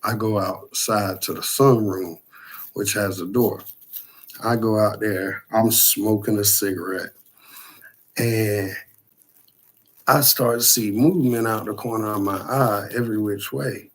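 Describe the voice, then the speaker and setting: A man casually telling a profane, animated story about a frightening night. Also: on the low side, unhurried, slightly rough.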